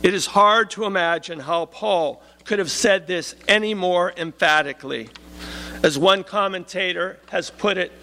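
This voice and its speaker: A man preaching a sermon in a measured, emphatic way, slowing down to stress key phrases. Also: high voice, pushed and bright.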